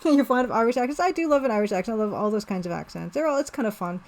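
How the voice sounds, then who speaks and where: A woman's voice: fairly high pitch, animated, very fast, darkish tone. A woman developer casually narrating and chatting while playing her own story game, rambling and self-deprecating. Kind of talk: casual let's-play commentary.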